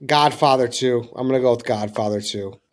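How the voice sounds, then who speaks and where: Brief: male panelist, mid pitch, halting, mulls his words aloud. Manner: hesitant, restarts and mulls aloud. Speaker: podcast panelist. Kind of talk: casual podcast chat.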